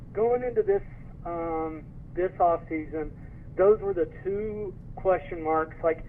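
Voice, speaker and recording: A man with a high voice chats about sports as a podcast co-host, dry and agreeable. His audio is tinny and phone-like, with a faint hiss. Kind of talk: casual sports chat.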